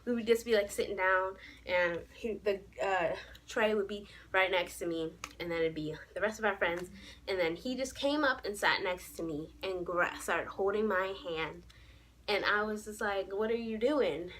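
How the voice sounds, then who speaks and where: A young adult woman vlogging, telling a casual story time in a sassy, animated way. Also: mid-range voice, moderate pace, slight background noise, rough recording.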